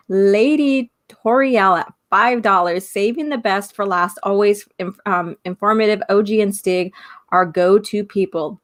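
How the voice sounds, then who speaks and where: Female co-host, giggly and talkative, slightly hoarse voice, casual stream chat. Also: mid-range voice. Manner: giggly, chatty, reads out viewer messages. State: slightly hoarse, losing her voice. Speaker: podcast co-host.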